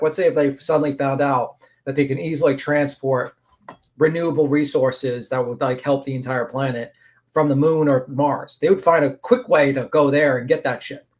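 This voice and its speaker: A man chatting on a live stream, rambling and thoughtful as he explains his ideas, swearing casually. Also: fairly high pitch.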